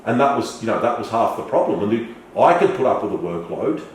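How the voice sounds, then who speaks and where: A middle-aged man telling lively stories as a podcast guest. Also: on the low side, a little fast, heavy reverb, far from the mic, a little hiss or hum, low-quality recording. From Australia. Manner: animated, swearing, storytelling with acted quotes. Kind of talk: casual storytelling interview.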